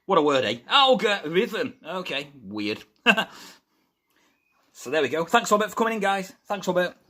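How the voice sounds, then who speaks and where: A man hosting a casual live stream of wrestling news, chatty and excitable, talking through a fever from a room at home. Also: high-pitched, moderate pace. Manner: chatty and excitable, addresses viewers as guys.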